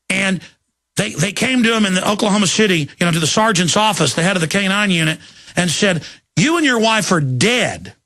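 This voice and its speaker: A man hosting a talk show, delivering an impassioned, ranting monologue that swings into shouting and slow, emphatic stresses. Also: high voice, creaky. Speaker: radio talk show host.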